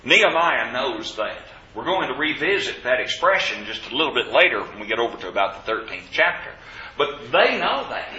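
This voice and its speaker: A man's voice: medium pitch, very animated, moderate pace, sharp tone. A man teaching a Bible class, reading scripture aloud and putting questions to his students. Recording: roomy, dull lo-fi class recording.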